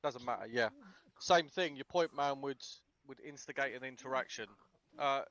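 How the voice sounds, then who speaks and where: A man's voice: mid-range voice, moderate pace, a bit bright, dull audio. Sweary man giving a briefing. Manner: blunt and sweary, acts out example dialogue. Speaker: instructor. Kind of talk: casual tactical briefing.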